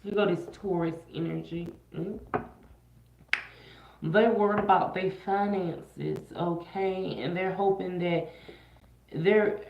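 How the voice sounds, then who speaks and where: A chatty woman with a fairly low voice runs a casual tarot livestream, full of slang and repeated phrases. Her voice bounces around an echoey room. The sound is a little muffled and lo-fi. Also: steady tone, slow pace, vocal fry, long pauses, a little hiss or hum. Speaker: tarot reader.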